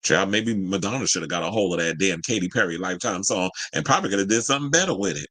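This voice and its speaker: A man's voice: sits low, expressive, fast talker, hardly any pauses, pushed and bright, dry recording, rough recording. Sassy, chatty man dishing gossip. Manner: sassy and chatty, says "child" and "y'all". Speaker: host. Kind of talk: casual celebrity gossip commentary.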